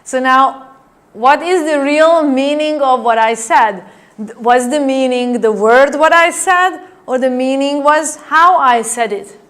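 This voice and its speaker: A woman's voice: high voice, takes it slowly, a bit bright. A woman teaching a training class, explaining her points with demonstrations and often asking her listeners "right?". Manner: demonstrative, acts out tone changes and asks the class "right?". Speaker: NLP trainer. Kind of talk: classroom lecture.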